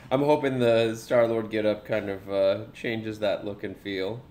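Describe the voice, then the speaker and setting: Jokey young dad chatting on a stream. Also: male voice, fairly low pitch, steady tone, takes it slowly, darkish tone, slight background noise. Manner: joking, chatty, coos at his baby. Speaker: live stream co-host and dad. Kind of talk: casual live stream chat.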